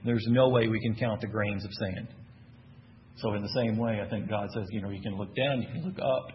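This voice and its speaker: Texan preacher asking the crowd questions. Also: male voice, on the low side, a little fast, lo-fi sound, a little hiss or hum. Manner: asks the audience questions, animated and emphatic. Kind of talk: sermon.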